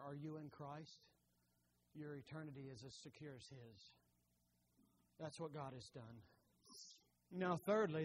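A pastor preaches a sermon, reading scripture aloud with growing force. He rises loud and high on emphatic lines and drops soft and low on tender ones, with slight background noise behind him.

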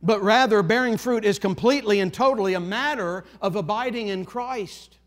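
A man preaching a sermon, earnest and emphatic, repeating phrases for effect and dropping to a hush to drive points home. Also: high-pitched, normal speed. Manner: earnest, rises to emphatic pleading then drops to hushed.

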